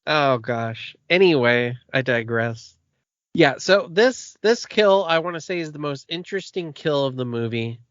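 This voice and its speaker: A man co-hosting a podcast in relaxed casual chat, laughing often. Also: fairly high pitch, measured pace, no echo. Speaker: podcast co-host. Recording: dull lo-fi podcast audio.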